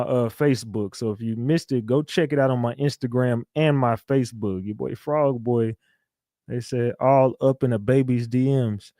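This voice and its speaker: A man's voice: medium pitch, warm tone, no room sound, studio quality. A man hosting a casual livestream, bantering loosely and reacting to his chat. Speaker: livestream host.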